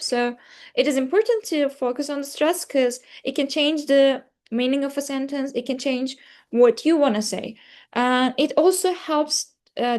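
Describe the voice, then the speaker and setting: Young Turkish-accented woman, high voice, student presenter, hesitant and self-correcting. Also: a little mellow. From Turkey. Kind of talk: class presentation.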